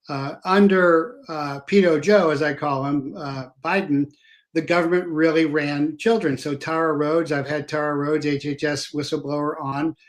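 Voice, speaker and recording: A man, a former federal agent, hosting an interview and talking in a hesitant way, with many pauses and fillers. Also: a little high. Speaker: podcast host. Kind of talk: conversational interview.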